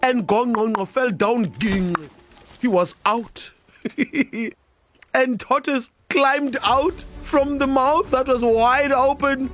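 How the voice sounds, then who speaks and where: A woman with a South African accent tells a folk tale slowly and playfully, laughing along as she goes. Soft music plays faintly behind her voice. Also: high voice. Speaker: storyteller. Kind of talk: oral storytelling.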